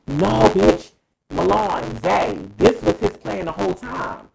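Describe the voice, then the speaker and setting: A man's voice: high-pitched, takes it slowly, vocal fry, poor audio. A man co-hosting a casual talk show, giving a dramatic, emphatic, profane opinion and calling co-hosts by name. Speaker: co-host.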